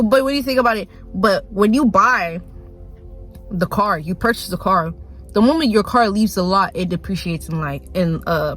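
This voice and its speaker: A young woman talks into her phone in a loose, rambling vlog rant, packed with "like" and little laughs. Her pitch sits in an ordinary middle range. Soft music plays faintly behind her. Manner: rambling, lots of "like", quick laughs and mock voices. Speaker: vlogger. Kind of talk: casual rant to camera.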